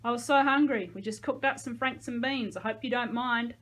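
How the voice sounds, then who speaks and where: A drunk, high young man , put on by a woman reading aloud, slurs his way through loud, overly jolly talk. His voice sits noticeably higher and louder than the reader's own. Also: fairly quick. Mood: giddy.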